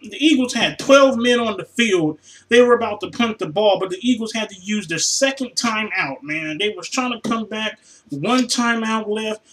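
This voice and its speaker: A fed-up man rants in his room, his voice sitting high and bright. He sighs heavily, drops into weary mutters, then bursts into profane shouts. It is a raw, unscripted fan vlog. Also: expressive, moderate pace, poor audio. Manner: profane, exasperated, sighing, swings between mutters and shouts. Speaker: vlogger reacting to a football loss. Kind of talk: angry fan rant.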